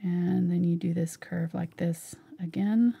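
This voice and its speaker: A woman's voice: lowish voice, steady tone, unhurried, vocal fry, warm tone, husky. A middle-aged woman teaching a live painting tutorial, chatting casually while she paints. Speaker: painting instructor.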